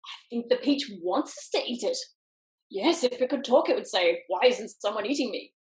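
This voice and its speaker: A woman's voice: on the high side, expressive, moderate pace, roomy sound. A woman reading a picture book aloud to children over a video call, switching between character voices. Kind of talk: storytime read-aloud.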